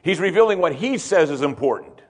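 A man's voice: on the high side, lively intonation, brisk. A man preaching an expository sermon as a pastor, repeating key points and asking rhetorical questions.

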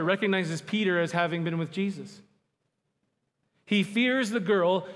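A man preaching a sermon, emphatic, slowing down to stress key words. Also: high voice, fairly bright tone. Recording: long hall reverb.

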